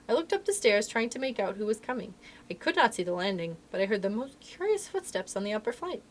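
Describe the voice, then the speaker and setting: Animated woman reading a children's book. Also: medium pitch, fast, slight background noise. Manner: expressive, animated storytelling. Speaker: library storytime reader. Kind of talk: reading a children's novel aloud.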